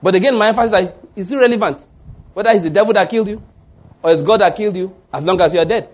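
A man's voice: high voice, very fast. A man preaching a sermon, often asking the congregation fill-in-the-blank questions. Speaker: pastor.

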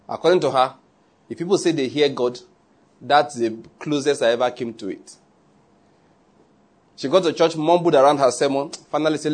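A man preaches by telling a story in an animated, conversational way. His voice is husky and sits in a middle range. He breaks off for little asides to the congregation. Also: mid-range voice, normal speed, pauses often. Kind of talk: sermon storytelling.

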